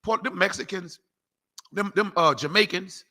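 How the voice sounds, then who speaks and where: A man preaching in a loose, slangy style, emphatic and animated as he calls for scripture to be read. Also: high-pitched, normal speed. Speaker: street preacher teaching a class. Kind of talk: preaching lecture.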